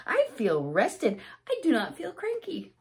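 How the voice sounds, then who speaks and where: An excitable little storybook pig, chirpy and high, its voice swooping up and down with delight, as a woman puts it on while reading aloud. It talks in an unhurried, bouncy way. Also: exaggerated voice. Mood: cheerful.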